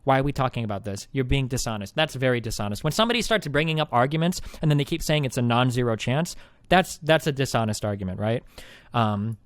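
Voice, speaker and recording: A man's voice: medium pitch, expressive, fast, no room sound. A male streamer recapping a debate in casual, rambling talk, sarcastic and full of restarts.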